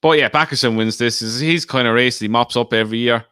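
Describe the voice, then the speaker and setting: A man's voice: medium pitch, fast talker, sharp tone, smooth, dry recording, studio quality. A man co-hosting a podcast, chatting casually about betting and teasing his co-host. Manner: teasing, banters.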